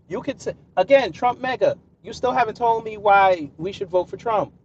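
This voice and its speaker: Man, fairly high voice, sarcastic, combative, casual live-stream rant, dull lo-fi audio. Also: lively intonation, moderate pace, darkish tone, far from the mic, a little hiss or hum. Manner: combative, sarcastic, answers chat directly. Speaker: livestream host.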